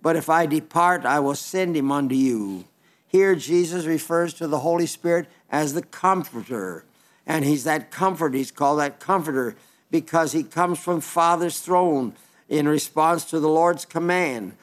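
A man preaching a sermon in a measured, earnest way, reading scripture aloud. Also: a little high.

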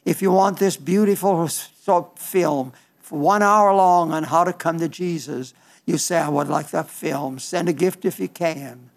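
Gravelly older man preaching earnestly. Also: a little high. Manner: earnest, pleading, slow and emphatic. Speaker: radio preacher. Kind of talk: sermon.

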